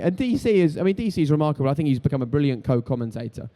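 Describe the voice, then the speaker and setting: On stage at a live event in front of an audience, a man in his thirties, a TV sports presenter being interviewed, tells lively, anecdotal stories. His mellow, dark voice runs on the high side, and he speaks quickly and animatedly, doing voices for the characters.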